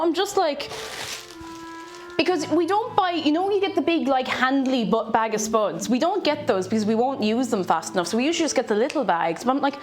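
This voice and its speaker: An Irish woman in casual livestream chat while cooking, chatty and self-mocking, greeting viewers by name. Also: high voice. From Ireland. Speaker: streamer. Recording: faint background music.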